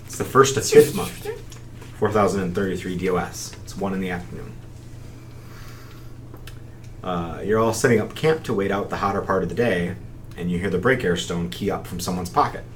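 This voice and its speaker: A young man narrates a tabletop game, wandering through his sentences with a lot of fillers. His voice sits a little low. A faint hiss runs under the recording. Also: fairly quick. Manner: rambling, filler-heavy narration. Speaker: game master.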